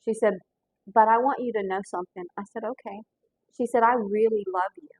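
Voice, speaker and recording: A woman's voice: mid-range voice, fairly even intonation, fast talker, a little mellow, husky, dry recording, rough recording. Earnest woman telling stories. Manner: earnest, folksy, with frequent restarts and fillers. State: holding back tears. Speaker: pastor and cooking show host. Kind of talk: heartfelt storytelling while cooking.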